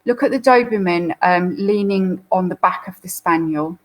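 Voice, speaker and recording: A woman's voice: fairly low pitch, normal speed, low-quality recording. Chatty woman explaining dog behaviour. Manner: chatty, explanatory, frequent fillers. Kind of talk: live Q&A commentary on viewer photos.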